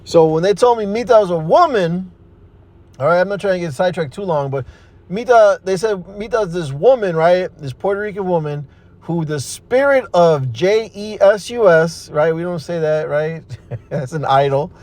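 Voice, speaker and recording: A man with a strikingly high voice and lively intonation preaches street-sermon style, hard and fast. He's forceful and profane, swearing casually, stumbling over restarts, and repeating "man" and "you see" while checking in with "right?" and "you know?" as he drives into his own testimony.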